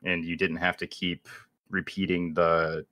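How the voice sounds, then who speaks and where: A man with a very low, bright voice hosts a conversation. He answers his guest in a thoughtful, affirming tone, recorded close and dry. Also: little pitch movement, measured pace, no room sound. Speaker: interviewer, host. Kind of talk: reflective conversational interview.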